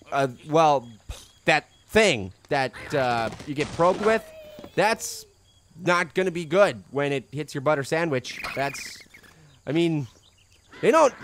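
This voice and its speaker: A young man hosting a silly game commentary, tired and loopy, rambling from mumbles to loud outbursts. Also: fairly high pitch, background noise. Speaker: gaming video host. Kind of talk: silly let's-play commentary. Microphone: desk microphone.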